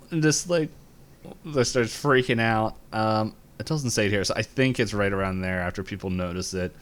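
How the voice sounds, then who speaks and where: A man co-hosting a podcast, casually retelling a cartoon episode, laughing often and jumping up in pitch to act out lines. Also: a little fast, fairly bright tone, smooth. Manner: laughs while retelling scenes, voices lines with jumps in pitch. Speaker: podcast co-host.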